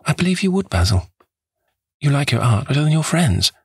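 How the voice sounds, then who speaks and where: A man reading a novel aloud, voicing a vain young man who despairs over losing his youth, in a pleading, husky voice. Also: mid-range voice, expressive, normal speed, no room sound, clean studio sound, pitched above the performer's own voice. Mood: anguished.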